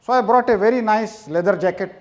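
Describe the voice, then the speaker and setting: High-voiced Indian man doing stand-up. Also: a little fast. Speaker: stand-up comedy contestant. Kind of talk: stand-up comedy set.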